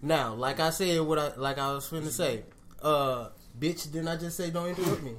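Guy on a sports podcast, bit high voice, keeps saying "like i said" to hold the floor. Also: normal speed, a crowd in the background. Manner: insistent, repeats himself to hold the floor. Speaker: podcast co-host. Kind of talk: heated casual sports banter.

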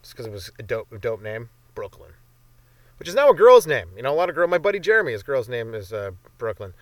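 A man's voice: mid-range voice, very animated, fast talker, dry recording. Canadian guy, young, solo comedy podcast host, profane rambling riffs, dry close sound. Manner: profane, jumps between bits and silly voices.

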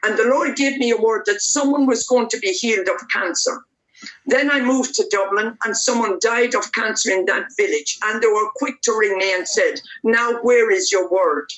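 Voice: mid-range voice, moderate pace, a bit bright. A preacher leading fervent, repetitive prayer and preaching at a church service. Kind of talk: prayer and sermon. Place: church service, based near Dublin. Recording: echoey room.

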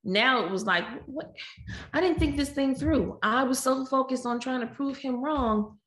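Animated woman telling a personal story. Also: high-pitched, normal speed. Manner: lively, animated retelling with voiced quotes. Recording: echoey room.

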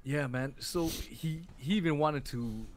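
A man's voice: fairly high pitch, unhurried, no echo. A man hosting a podcast in casual chat, rambling, repeating words and dropping "man" and "dude". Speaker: podcast host.

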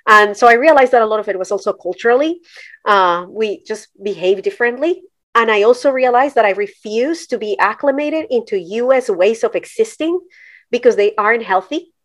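A woman's voice: on the high side, expressive, fairly quick, no room sound. A middle-aged woman from Colombia, a podcast guest telling her story candidly. She talks directly and emphatically, slipping into voices of the people she quotes.

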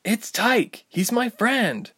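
A man voicing a troubled young woman ice mage who speaks softly and earnestly. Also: high voice, very animated, slow pace, breathy edge, voice pushed up, full character voice. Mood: pleading.

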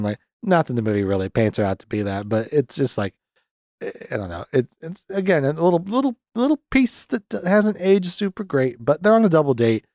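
A man's voice: on the high side, sing-song, fairly quick, a little mellow, no room sound, clean studio sound. Rambling thirtysomething man reviewing a movie. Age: 30s. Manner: rambling, chatty, swears freely. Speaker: podcast host. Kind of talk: casual movie review chat.

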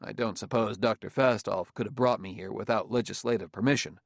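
A man reading an audiobook, voicing a dour middle-aged detective who questions calmly and patiently. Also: fairly low pitch, a little fast, gravelly, no room sound, studio quality.

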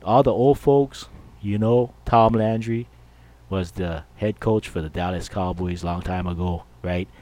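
Low-voiced rambling podcast host. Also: male voice, steady tone, measured pace, a little mellow. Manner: rambling, jokey, full of fillers. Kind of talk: casual monologue.

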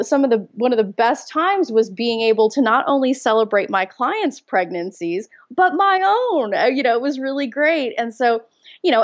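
A woman in her forties, a coach as interview guest, speaking earnestly and emphatically, often laughing as she talks. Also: fairly high pitch. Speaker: guest, fertility mindset coach. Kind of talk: conversational interview. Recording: slightly dull lo-fi audio.

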